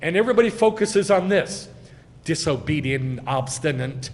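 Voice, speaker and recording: A man giving a sermon as a rabbi, speaking with emphasis and swelling loud on key phrases. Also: medium pitch, lively intonation, unhurried, long reverb tail. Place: congregation sanctuary.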